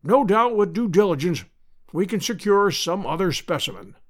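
A booming old professor who lectures with pompous, pedantic relish, as a male narrator puts him on. His voice rides high and swings widely through each grand sentence. He belongs to a classic adventure audiobook. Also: big pitch swings, moderate pace. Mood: pompous lecturing.

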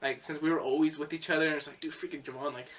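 Teasing young man with a higher voice. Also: fairly even intonation, fairly bright tone. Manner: teasing, emphatic, with halting restarts. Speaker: podcast co-host. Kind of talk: casual chat among friends.

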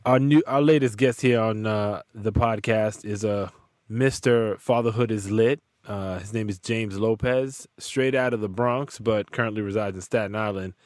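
A man's voice: on the low side, normal speed, dry recording, clean studio sound. Laid-back man hosting a podcast. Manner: relaxed, slangy and laid-back. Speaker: podcast host. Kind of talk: casual chat.

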